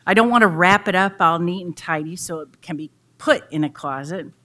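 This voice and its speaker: A woman lecturer tells a story in an expressive, dramatic way, her voice a little low in pitch. Her delivery slows and swells with the tale, speaking to a public audience.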